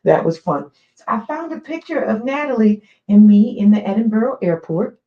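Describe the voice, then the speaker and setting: A woman's voice: a little high, normal speed, phone-quality sound. A woman from the United States hosting a live stream, telling chatty, digressive stories in a casual way. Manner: chatty, digressive, animated storyteller.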